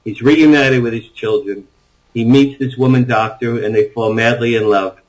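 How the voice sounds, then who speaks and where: A man speaks as an interview guest, eagerly laying out ideas in long runs and restarting his sentences as he goes. His voice sits at a middle pitch for a man. The audio is dull and lo-fi. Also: fairly even intonation, moderate pace, a little mellow. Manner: enthusiastic, rambling storyteller with frequent restarts. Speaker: author guest. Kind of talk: interview conversation.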